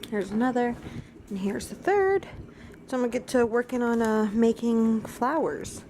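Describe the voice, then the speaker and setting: A woman's voice: on the high side, normal speed, darkish tone, a little hiss or hum. Chatty young woman vlogging at home. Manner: chatty and rambling, talks to her dogs. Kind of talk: casual daily vlog. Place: at home, indoors.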